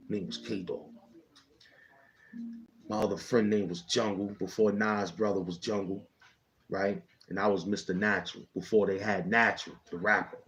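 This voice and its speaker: Rambling slangy man, lowish voice. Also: low-quality recording. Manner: rambling, slangy street talk with frequent "you know what I'm saying". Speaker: channel host telling a personal story. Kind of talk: casual storytelling.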